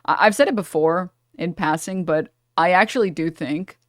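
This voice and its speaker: A woman streamer reacting to a clip, chatty and wry with firm opinions. Her voice sits a bit low for a woman, and the sound is dry and close. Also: normal speed, no room sound. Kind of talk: casual reaction commentary.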